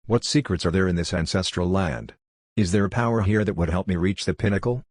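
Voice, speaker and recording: A defiant, power-hungry clan leader speaks in a low voice, as a man narrator reads him. The sound is close and dry. It belongs to a fantasy audiobook. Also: fairly quick, no room sound. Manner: greedy, defiant.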